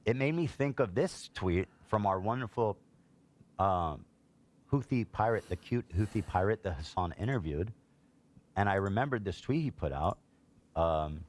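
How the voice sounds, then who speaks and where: A low-pitched man delivers heated political commentary on a live stream. He sounds exasperated and indignant, reading out online posts and then tearing into them. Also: expressive, normal speed, darkish tone. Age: adult, a parent.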